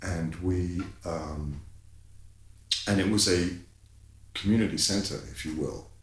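A man from tells his story as a guest, his voice low and a little deep at rest but jumping up high when the story turns tense. He talks candidly, peppered with fillers and the odd curse. The sound is roomy and echoing. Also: slow. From London, England.

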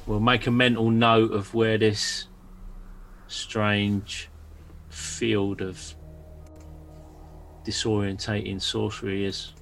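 A man taking part in a tabletop role-playing game, speaking with dry, wry humor as his character. His voice is low and his delivery is slow. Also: little pitch movement, creaky, fairly bright tone, faint music behind. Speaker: player.

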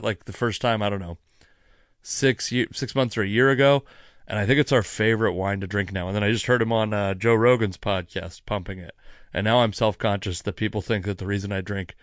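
Animated, profane man on a dry mic. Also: fairly low pitch, no echo. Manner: animated, profane, rambling with asides. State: sipping wine. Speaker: podcast host. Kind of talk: casual storytelling monologue.

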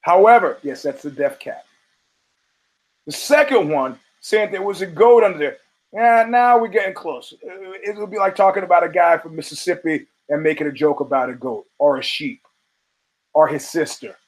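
Here a podcast host with a voice on the high side talks at a normal pace, telling stories in an offhand, profane way and playing out the quoted people himself. It's a rough recording.

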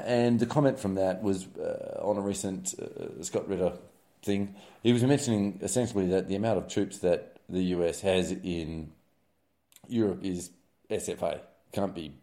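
Male host, low mellow voice, rambling sarcastic news roundup. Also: normal speed. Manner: wry, sarcastic, filler-heavy rambling. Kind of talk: casual spoken news roundup.

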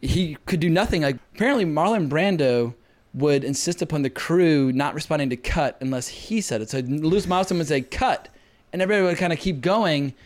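Fast-talking, excitable male podcast host. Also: a little high. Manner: rapid, excitable ranting with laughs. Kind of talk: casual film discussion.

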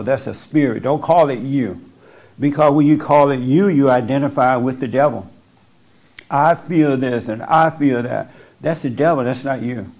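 Here a man with a mid-range, slightly mellow voice gives blunt spiritual counsel into a microphone to someone in front of him. He's insistent, hammering his points home by repeating them.

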